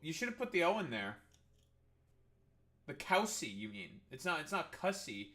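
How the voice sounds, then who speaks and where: Streamer, male, animated pitch, mocking and trash-talking, slightly high voice. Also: normal speed. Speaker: livestream host. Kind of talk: casual livestream chat.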